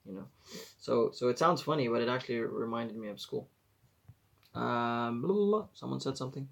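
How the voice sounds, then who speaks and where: A man, chatting on a live stream in a deeply gravelly, husky voice. He rambles and corrects himself as he hands out casual advice. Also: moderate pace. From Israel. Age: 40s.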